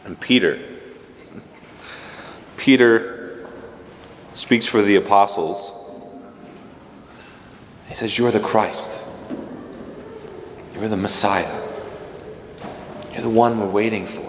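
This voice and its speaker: Low-voiced male priest, easygoing homily with jokey asides, recorded in a reverberant church. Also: slow pace, long pauses, slight background noise. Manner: conversational, joking asides with playful mimicry. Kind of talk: casual homily.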